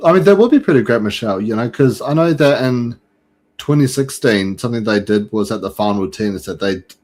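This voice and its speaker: A man's voice: mid-range voice, expressive, fairly quick, a little mellow. A man hosting a casual fan podcast, talking in a chatty way with many fillers and restarts. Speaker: podcast host.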